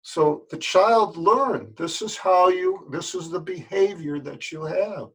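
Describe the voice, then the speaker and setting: An older man with a gravelly, husky voice that sits fairly high for a man. He speaks to his listeners as a yoga teacher in a plain, folksy way. He is earnest and repeats words for emphasis. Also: expressive, slow, fairly bright tone. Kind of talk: spoken address to camera.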